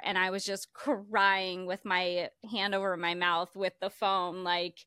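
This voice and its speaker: A woman co-hosting a podcast in casual chat, telling stories in an animated way and laughing often. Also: fairly low pitch, slow, few pauses, clear, resonant tone, no echo, studio quality. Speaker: podcast co-host.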